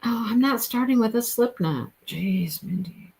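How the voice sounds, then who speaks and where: A woman's voice: fairly high pitch, expressive, measured pace, gravelly, darkish tone. A middle-aged woman hosting a crochet livestream, chatting in a rambling way and laughing often as she works. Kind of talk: casual livestream chat while crocheting. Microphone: phone.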